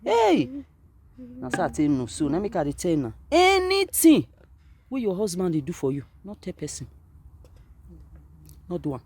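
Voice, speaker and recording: A Nigerian woman with a Nigerian Pidgin English accent, talking to her camera at a cemetery, moving between quiet grief and loud, animated outbursts. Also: fairly low pitch, moderate pace, pauses often, slight background noise. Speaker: vlogger. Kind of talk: emotional direct-to-camera monologue. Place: outdoors at a cemetery.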